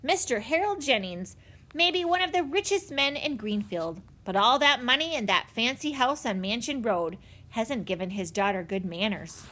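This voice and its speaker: A woman's voice: fairly high pitch, expressive, normal speed, sharp tone. A woman voicing a gossiping townswoman with a sniffy, disapproving manner.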